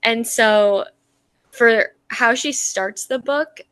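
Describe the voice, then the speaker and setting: A woman's voice: a little high, drawn-out words, a bit bright. A young woman co-hosting a book podcast, chatty and playful, laughing often as she talks. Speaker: podcast co-host. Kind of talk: casual book discussion.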